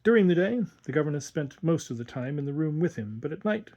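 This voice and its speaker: A man narrating an audiobook with slow, measured storytelling. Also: on the high side, lively intonation, mellow, highs cut off. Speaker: audiobook reader.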